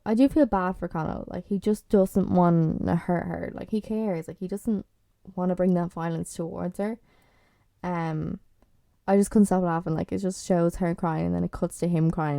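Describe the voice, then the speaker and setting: Woman with a low, gravelly voice. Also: steady tone, moderate pace, mellow, no echo. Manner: swears freely, lots of "like" and "um", blunt and opinionated. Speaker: podcast host. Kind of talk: casual solo chat reviewing a TV series.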